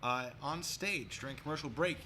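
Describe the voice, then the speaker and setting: A man's voice: mid-range voice, normal speed, sharp tone, a little hiss or hum. Rambling male live-stream commentator. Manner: rambling, chatty, with asides to viewers. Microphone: desk mic pulled close.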